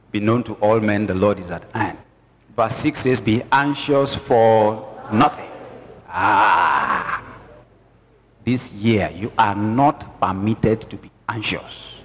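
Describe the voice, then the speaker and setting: A man preaching a sermon with emphatic call-and-response to the congregation. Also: lowish voice. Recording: long church reverb with music.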